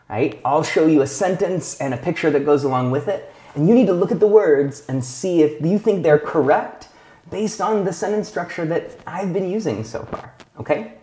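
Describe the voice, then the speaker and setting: A man teaching English possessives in a video lesson, speaking slowly and clearly and often checking in with the viewer. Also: fairly high pitch, a little mellow, echoey room. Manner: slow, clear teacher talk with frequent check-in questions.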